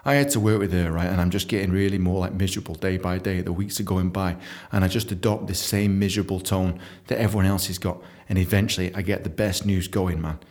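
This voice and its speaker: A young man telling stories in a casual, profane, animated monologue, often laughing and mimicking other people. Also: low voice, quick pace. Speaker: podcast host telling stories from his book.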